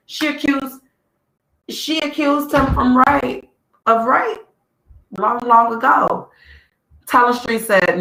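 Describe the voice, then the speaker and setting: A woman hosting a podcast in casual commentary, blunt and animated, repeating her points for emphasis. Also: on the high side, roomy sound, poor audio. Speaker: podcast host.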